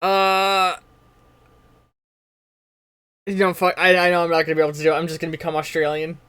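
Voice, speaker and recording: A man's voice: a little high, completely flat delivery, racing, a bit bright, smooth, no echo. A man running a tabletop game as game master, talking in a loose, joking, rambling way.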